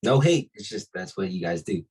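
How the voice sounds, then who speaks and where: A man's voice: low voice, lively intonation, fairly quick, darkish tone, breathy edge, low-quality recording. A young man from Hawaii, co-hosting a casual podcast chat, laid-back and often laughing as he tells stories. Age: young adult. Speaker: podcast co-host.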